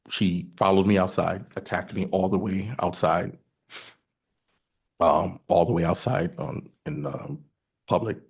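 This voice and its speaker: A man gives sworn testimony at a hearing, his voice very low and rough with fry. He speaks haltingly, often breaking off mid-sentence and starting again. His tone is husky rather than clean. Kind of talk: sworn testimony recounting events.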